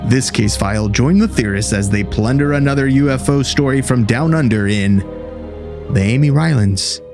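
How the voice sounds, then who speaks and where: A man narrates a scripted podcast intro in a measured, dramatic storytelling voice. Clear music plays underneath him throughout. His pitch sits in the middle of the range. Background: music bed.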